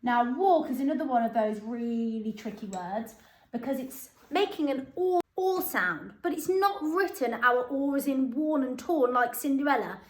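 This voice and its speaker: A woman with a fairly high voice leads a recorded phonics lesson for young children. She sounds upbeat and encouraging and spells words out slowly, letter by letter. The sound is echoey, as if recorded in a bare room. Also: lively intonation. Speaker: primary school teacher.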